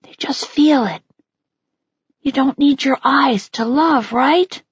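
A woman's voice: high voice, slow pace, dry recording, dull audio, voice pushed up. A woman whispering as a tired, tender mother. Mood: soothing, weary. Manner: soft, soothing hush. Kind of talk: whispered role-play.

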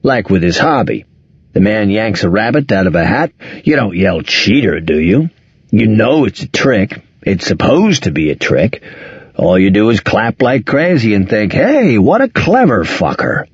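Audiobook figure: sardonic heavyset man, read by a man, mild voice, lively pitch, dull dry sound. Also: measured pace, husky, no room sound, exaggerated voice. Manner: wry, sardonic banter.

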